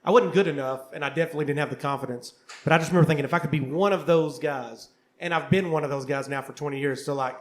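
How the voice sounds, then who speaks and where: A middle-aged man with a fairly high voice talking candidly in a casual panel chat. He fills his speech with everyday asides. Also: very fast. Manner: candid, conversational, uses many fillers. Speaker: co-host, history teacher and bassist. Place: coffeehouse before a live audience.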